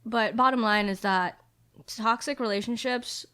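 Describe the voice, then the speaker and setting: A woman's voice: a little high, a little slow, sharp tone, slight background noise. A young woman in her twenties co-hosts a casual chat podcast. She is playful, slips jokey asides into her talk, and sums things up for her friend. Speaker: podcast co-host.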